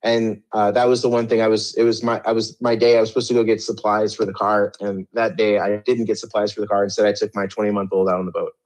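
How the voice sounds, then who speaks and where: Middle-aged male interview guest, lowish voice, rambling defensive storyteller. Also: little pitch movement, fast talker, hardly any pauses, a little mellow. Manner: rambling, many restarts and fillers, defensive. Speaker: guest telling his story.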